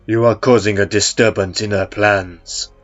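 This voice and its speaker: A man's voice: on the low side, steady tone, normal speed, a bit bright, close to an everyday voice. A man doing a snarling, menacing demon. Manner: threatening, taunting. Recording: muffled, with faint music beneath.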